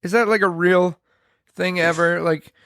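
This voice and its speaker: A man's voice: high-pitched, steady tone, measured pace, fairly bright tone, clear, resonant tone, dry recording, clean studio sound. An American man hosting a podcast, teasing his guest playfully and laughing often. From United States. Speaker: podcast host, magician. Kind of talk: casual podcast chat.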